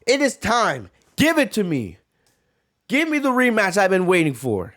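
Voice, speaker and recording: An excitable man hosts a live reaction video, talking fast and loose with plenty of slang. His voice sits high, and his intonation swings widely and keeps rising.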